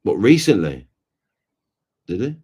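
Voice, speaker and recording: A man hosting a live stream, chatting casually and in a low-key way with his viewers. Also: very animated, measured pace, warm tone, slightly rough. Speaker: streamer host.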